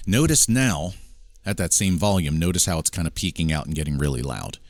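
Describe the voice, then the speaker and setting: A man's voice: deep voice, no echo. A man coaching speakers on microphone technique in a casual, step-by-step demonstration from a home studio. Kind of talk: instructional video demo. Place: home studio with mixing board. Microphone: switching between handheld microphones.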